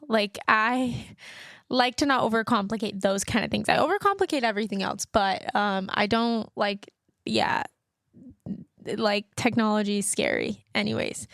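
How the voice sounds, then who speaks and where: A woman's voice: mid-range voice, expressive, normal speed, creaky, fairly bright tone, no echo, clean studio sound. A woman hosting her podcast in a rambling, chatty way, full of "like," recording outdoors on her phone. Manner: rambling and chatty, heavy use of "like". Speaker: podcast host. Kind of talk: casual solo chat.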